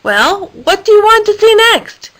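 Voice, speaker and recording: A woman doing a squeaky eager circus animal. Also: very animated, unhurried, fairly bright tone, full character voice. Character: eager young female circus performer animal.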